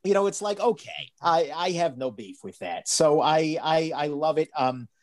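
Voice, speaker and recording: A man's voice: a little high, moderate pace, darkish tone. A man who reviews knives, a guest on a podcast, telling rambling stories in casual chat with some mild swearing. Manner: rambling, storytelling, mildly profane.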